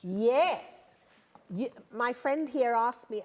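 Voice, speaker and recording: A woman actress visits a school and chats with the children in a playful, teasing way. Her voice sits high and swoops widely, and she speaks slowly. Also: sing-song, slight background noise. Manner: playful, self-mocking, teasing. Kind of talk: casual chat with schoolchildren.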